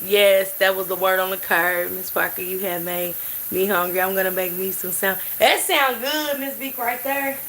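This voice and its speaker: A woman's voice: medium pitch, moderate pace, a bit bright, a little hiss or hum. A woman hosting a livestream, reading chat and joking loosely with plenty of swearing. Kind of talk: casual chat. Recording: echoey room, mic at a distance.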